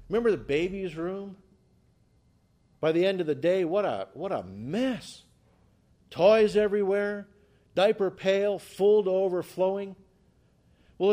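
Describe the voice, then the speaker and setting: A male pastor delivers a sermon with a slightly high-pitched voice. He talks emphatically, repeating words and restarting phrases, and keeps putting rhetorical questions to his listeners. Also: darkish tone.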